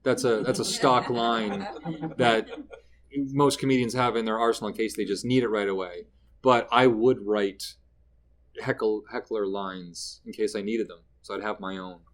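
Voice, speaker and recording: Canadian comedian guy chatting on an interview, animated, does little voices for people in his stories. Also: on the low side, normal speed. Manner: animated, acts out quoted people mid-story. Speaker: guest comedian. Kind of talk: casual interview storytelling.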